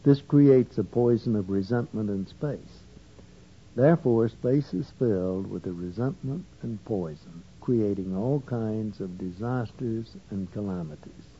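Deep, dark-voiced male interpreter. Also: measured pace, slightly rough. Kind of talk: reading an English translation of a sermon. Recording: dull lo-fi recording with faint rumble.

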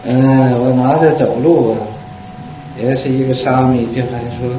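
A man, a Buddhist monk teacher, telling a story in an unhurried dharma talk with frequent fillers. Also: mid-range voice, fairly even intonation, slight background noise. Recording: echoey, distant, dull lo-fi recording.

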